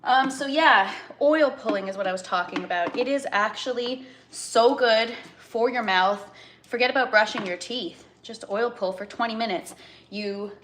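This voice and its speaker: A woman's voice: a little high, very noisy. A woman from Canada hosting a live cooking stream, rambling in casual chat and greeting viewers by name.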